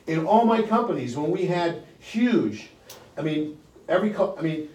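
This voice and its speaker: A man's voice: a little high, very animated, normal speed, darkish tone. An older man leading a live sales training, brash and blunt, with frequent profanity. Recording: echoey room, distant mic.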